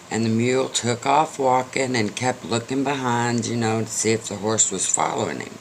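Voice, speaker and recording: A man's voice: medium pitch, moderate pace, creaky, few pauses. Older guy telling a folksy story, chatty and joking, medium voice, faint hiss. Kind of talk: casual storytelling.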